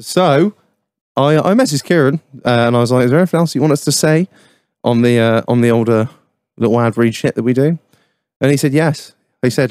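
A man's voice: medium pitch, a little fast, a little mellow, no room sound, studio quality. A man hosting a podcast in casual chat, swearing freely, laughing often and acting out the people he quotes. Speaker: podcast host.

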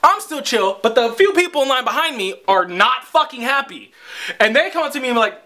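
Young male vlogger, high-pitched and sharp, rambling profane rant. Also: big pitch swings, brisk. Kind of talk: casual storytelling rant.

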